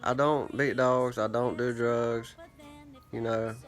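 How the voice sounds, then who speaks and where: A man's voice: medium pitch, fairly even intonation, takes it slowly, soft background music. Rambling, cursing man telling a story. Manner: rambling, profane, self-mocking storytelling. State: parched throat. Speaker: vlogger. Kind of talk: rambling casual monologue.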